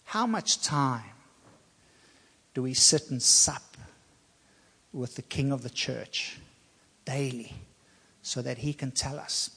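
A man preaching a sermon, speaking with slow emphasis and repeating phrases to drive points home. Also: mid-range voice, animated, pushed and bright, slightly rough, long reverb tail.

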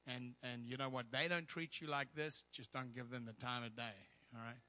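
With a steady, mid-range voice that sounds pushed and bright, a middle-aged man talks at a normal speed. He is a guest speaker preaching in a church, spinning personal stories humorously and chattily, with plenty of asides.

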